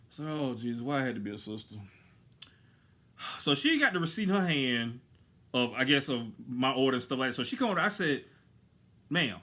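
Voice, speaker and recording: A man telling a story casually, animated and slangy, acting out his own lines. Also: medium pitch, brisk, pauses often.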